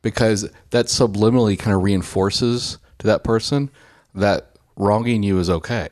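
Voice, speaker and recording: A man's voice: lowish voice, normal speed, darkish tone, no room sound, studio quality. A man hosting a parenting podcast, leading a quiz segment with playful, thoughtful asides. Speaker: podcast host.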